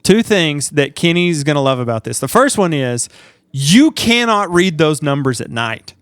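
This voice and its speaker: A man co-hosting a podcast, telling stories in a lively, animated way and acting out the people in them. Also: on the high side, moderate pace, clear, resonant tone, no echo, studio quality. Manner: animated storyteller, acts out shouts and quotes. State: sleep deprived. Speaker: podcast co-host. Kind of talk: casual chat.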